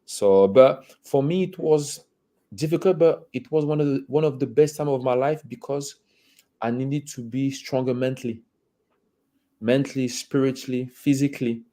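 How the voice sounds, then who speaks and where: A man speaking as an interview guest about his football career, talking haltingly, repeating words and laughing between phrases. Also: mid-range voice, dark tone. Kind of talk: candid conversational interview.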